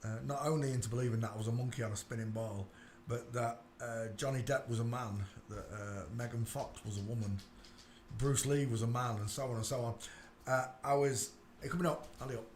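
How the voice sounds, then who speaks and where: A man rambling through a livestream from home, blunt and crude, cutting in to talk to his dog. His voice has a middling pitch and bounces around a roomy space. A faint hiss sits under the sound. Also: steady tone, brisk, a little mellow. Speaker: live stream host. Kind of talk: casual rambling livestream chat. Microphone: desk microphone.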